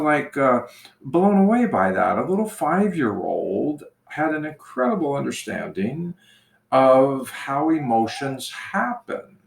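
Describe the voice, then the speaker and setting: Priest guy with a gravelly voice, slow gentle storytelling, echoey room. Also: fairly high pitch. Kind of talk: casual conversation, storytelling.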